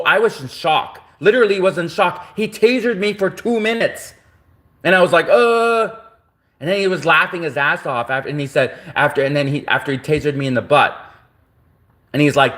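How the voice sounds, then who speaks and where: A man speaking in a fairly high voice and ranting on a livestream. He rambles and repeats himself, circling back again and again to the same points. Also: pushed and bright. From Canada.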